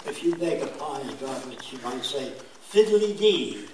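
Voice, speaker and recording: Blunt older man in an echoey room. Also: medium pitch. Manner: blunt, emphatic, mimics accents in quick asides. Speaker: speaker giving a talk. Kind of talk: emphatic lecture. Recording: very echoey room, voice from far off, faint hiss.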